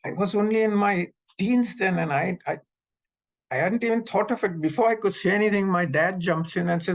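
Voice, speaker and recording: A man in his seventies, from Pakistan, telling memories as an animated storyteller who acts out the dialogue. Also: high voice, a little fast, poor audio. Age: 70s. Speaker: interviewee recounting memories. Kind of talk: storytelling reminiscence. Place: North America.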